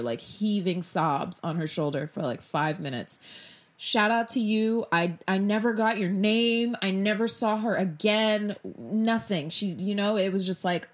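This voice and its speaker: A young adult woman telling a dramatic personal story as a casual vlog, acting out the quotes as she goes. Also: on the low side. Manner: animated, dramatic retelling with acted-out quotes. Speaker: vlogger.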